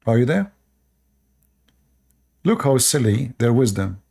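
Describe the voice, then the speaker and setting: Channel host, male: preachy advice monologue, non-native English, dark mellow tone. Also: medium pitch, very animated, takes it slowly, creaky. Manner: lecturing, rhetorical questions, repeats short commands.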